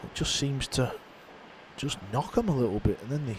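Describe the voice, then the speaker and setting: A man's voice: medium pitch, lively intonation, normal speed, a little hiss or hum, rough recording. A man giving live pool commentary in a conversational way, musing on how mistakes shake the players. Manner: conversational, reflective on players' mindset.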